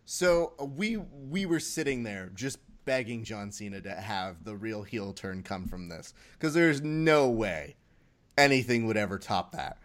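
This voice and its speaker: A man co-hosting a casual wrestling podcast, animated and profane, acting out quotes as he talks. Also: on the low side, unhurried. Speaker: podcast co-host.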